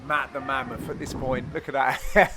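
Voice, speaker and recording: A man giving jokey voice-over commentary on his own amateur match, teasing his friends with sudden loud exclamations. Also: medium pitch, little pitch movement, normal speed, background noise. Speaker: player and commentator.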